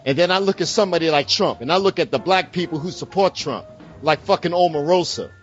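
Fired-up man going off, swearing nonstop, kinda high voice, muffled sound w/ faint music behind. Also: quick pace. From United States. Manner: profane, impassioned, ranting. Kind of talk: heated political rant.

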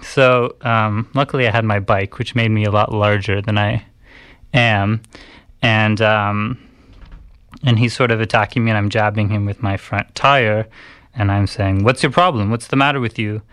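A man talks on community radio, recounting something that happened to him. His voice sits low and smooth, and the sound is close and dry. He speaks haltingly, with many ums and restarts. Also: little pitch movement, fairly bright tone, no echo. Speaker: radio host. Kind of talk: casual radio talk, personal story.

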